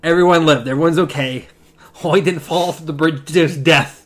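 A man's voice: on the high side, a little fast. A man co-hosting a podcast, reading a novel aloud and reacting enthusiastically. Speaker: podcast co-host.

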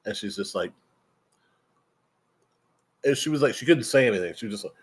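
Young guy on a podcast, low-ish voice, acts out every quote, cusses a lot. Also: fairly quick, slightly rough. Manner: animated storytelling, acts out quotes, swears freely. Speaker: podcast co-host. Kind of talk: casual chat.

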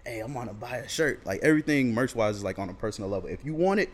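A man's voice: medium pitch, animated, rapid-fire. A young man, a college student, chatting on a podcast about making videos, telling stories loosely with many "like"s and acting out his friends. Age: young adult. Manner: laid-back storytelling with lots of "like", acts out his friends. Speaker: guest, sketch video creator. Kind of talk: casual podcast chat.

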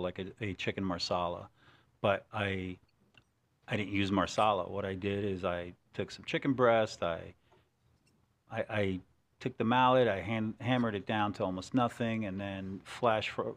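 A man in casual podcast chat, telling stories with lively restarts and put-on quotes. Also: fairly low pitch. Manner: animated storyteller, many restarts.

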